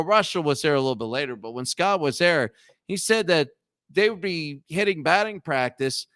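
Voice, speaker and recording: A man from Appalachia hosting a show, telling rambling, profane stories and loudly acting out the people he quotes. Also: fairly high pitch, clear, resonant tone, no echo, clean studio sound. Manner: digressive, profane, acts out quoted voices loudly. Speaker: show host. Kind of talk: rambling storytelling.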